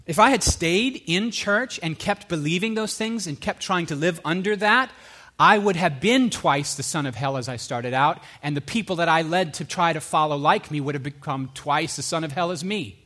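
A man giving an earnest personal testimony, animated at times and dropping low and quiet for emphasis. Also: moderate pace. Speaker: speaker sharing his faith story.

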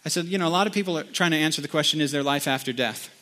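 Very fast and pushed, with a fairly high, bright voice, a middle-aged man delivers a storytelling sermon in a conversational style, breaking into sung snippets along the way.

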